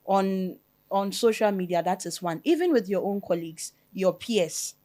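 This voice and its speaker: A woman with a Ghanaian English accent, a software developer on a panel, answering thoughtfully and checking in with "You get it?". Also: medium pitch, lively intonation, moderate pace. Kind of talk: panel discussion.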